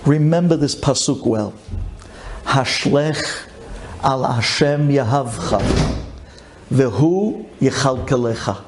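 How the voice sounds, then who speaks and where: A rabbi giving an impassioned storytelling sermon, fervent and pleading, repeating phrases and swinging from low calm to high emotional cries. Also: male voice, slow pace, long pauses, background noise. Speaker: rabbi telling an inspirational story.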